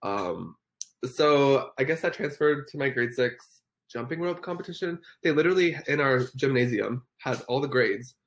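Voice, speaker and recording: A young adult hosting a casual home livestream, reading viewer comments aloud, effusive and quick to laugh, sometimes cooing baby talk to a dog. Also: mid-range voice, animated. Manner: giggly and effusive, laughs often. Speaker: livestream host.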